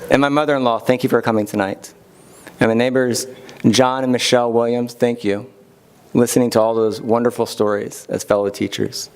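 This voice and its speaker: A man's voice: medium pitch, steady tone, a little fast, clean tone. A middle-aged man giving a heartfelt acceptance speech at an awards event. He thanks people one by one, with light asides.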